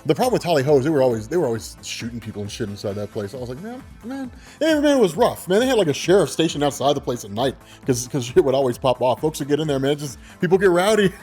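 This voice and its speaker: Animated storytelling man with a high, lively voice. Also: fast talker, hardly any pauses, soft background music. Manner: animated, laughing, swearing freely. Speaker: vlogger. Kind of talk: casual storytelling.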